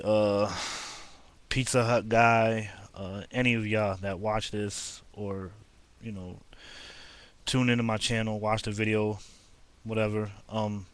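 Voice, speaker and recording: Laid-back low-voiced man rambling. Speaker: wrestling vlogger. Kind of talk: casual wrestling review.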